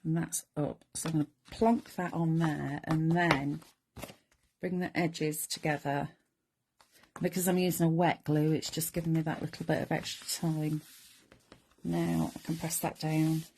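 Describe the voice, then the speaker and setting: A woman in middle age leads a relaxed crafting demonstration, explaining each step as she works. Her voice sits a little low and sounds soft and mellow. She chats along with viewers in an easygoing, conversational way. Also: a little hiss or hum. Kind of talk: chatty live crafting demonstration.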